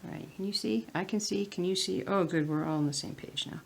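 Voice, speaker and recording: A woman's voice: lowish voice, quick pace, gravelly, breathy edge. A woman with a Southern US accent chatting casually while she stitches at home, muttering to herself and sometimes dropping into a whisper. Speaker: cross-stitch vlogger.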